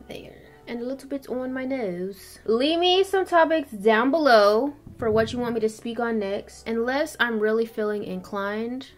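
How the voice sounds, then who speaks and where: A young woman chatting casually while she does her makeup, sassy and emphatic, full of slang. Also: on the high side. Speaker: beauty vlogger. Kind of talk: casual chit-chat while doing makeup.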